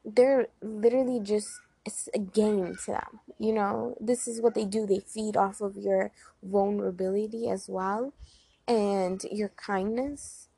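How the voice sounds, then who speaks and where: A young woman talks straight to her viewers with a slightly husky, breathy voice. Her pitch sits in a middle range for a woman. The sound is dry and close. Her delivery is casual and earnest, with frequent filler words as she gives relationship advice. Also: steady tone, unhurried, mellow, no echo. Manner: chatty, earnest, many "like" fillers. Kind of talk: casual talk to camera.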